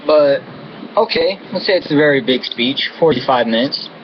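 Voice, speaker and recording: Over dull lo-fi audio with an air-conditioning hum, an American man vlogs an angry, profane political rant packed with contempt and insults. His voice is on the high side, with lively intonation and a moderate pace.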